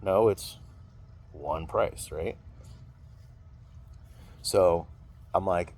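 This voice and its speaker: Man, low voice, casual venting monologue, rambly, swears freely. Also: very slow, long pauses, a little mellow. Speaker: vlogger venting.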